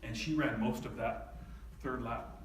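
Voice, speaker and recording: A man telling a personal story to an audience in an animated way, laughing often. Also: mid-range voice, unhurried, slight background noise. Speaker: speaker. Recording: echoey hall from far off, faint ambience.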